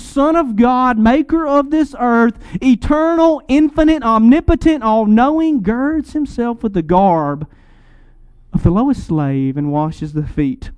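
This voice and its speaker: A man preaching a sermon, explaining scripture and Greek words in a teaching tone. He swells up on lists of titles and drops low for emphasis. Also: a little mellow, clear, resonant tone, no echo.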